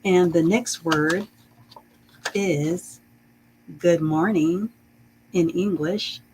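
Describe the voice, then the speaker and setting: A woman leads a live online reading lesson, encouraging her viewers and stretching each word out to sound it clearly. She speaks slowly in a somewhat low voice, with a faint background hum on the stream. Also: poor audio. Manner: slow, warm and encouraging, greets chat viewers; drawn-out careful pronunciation of words.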